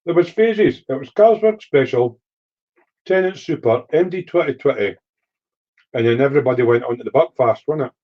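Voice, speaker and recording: A man's voice: mid-range voice, muffled recording. A middle-aged man from Edinburgh with a Scottish accent, chatting casually and reading out chat on a live stream. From Scotland. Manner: swearing, rambling storyteller reading chat aloud.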